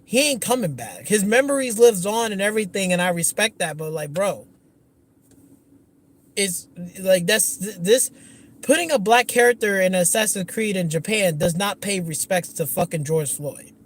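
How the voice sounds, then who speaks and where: A man's voice: high-pitched, lively intonation, normal speed. A man hosting a gaming livestream, ranting angrily with lots of swearing and restarts. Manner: angry, profane, repetitive restarts. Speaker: gaming channel host. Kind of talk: livestream rant.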